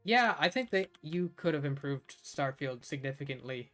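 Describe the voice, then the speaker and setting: A man's voice: fairly high pitch, animated, normal speed, a bit bright, soft background music. A man from Ireland streaming a game, chatting casually and rambling with lots of fillers. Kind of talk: casual gameplay commentary.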